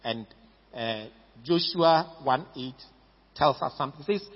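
A man's voice: mid-range voice, unhurried, husky. A man with a Ghanaian English accent preaching a sermon, stressing key words and often repeating himself. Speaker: pastor. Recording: dull lo-fi recording in a reverberant hall.

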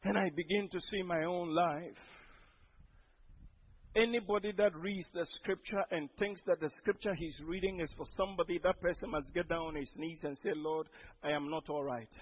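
A man preaching a sermon as pastor, breaking into sudden loud emphatic outbursts. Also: high-pitched, steady tone, moderate pace, husky, muffled recording.

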